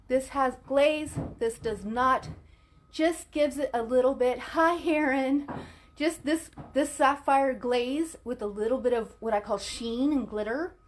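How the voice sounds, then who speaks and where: A woman's voice: high voice, a little hiss or hum. A woman painting furniture on a livestream, chatting to viewers and apologizing as she works some distance from the camera. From Florida, US. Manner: chatty, apologetic, talks to viewers while working. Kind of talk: casual live demonstration.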